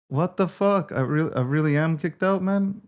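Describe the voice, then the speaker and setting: A man's voice: on the high side, darkish tone. A man hosting a livestream, talking casually to his viewers and swearing in exasperation as he repeats himself. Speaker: livestream host.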